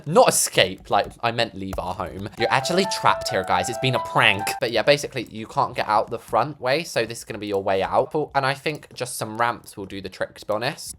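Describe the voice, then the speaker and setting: An excitable woman chats her way through a video game building session. Her pitch leaps around constantly, and she breaks off for playful asides. A soft music bed plays faintly behind her voice. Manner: bubbly, excitable, quick asides and jokes. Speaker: gaming YouTuber. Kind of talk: casual building commentary.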